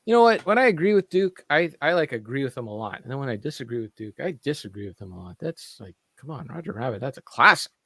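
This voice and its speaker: A man from Canada co-hosting a casual chat show, wandering through an anecdote with plenty of ums and restarts. His voice sits at an ordinary middle pitch. The recording is close and dry, with no room sound. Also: big pitch swings, quick pace, few pauses, a bit bright, dry recording. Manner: rambling storytelling with many fillers and restarts. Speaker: podcast co-host.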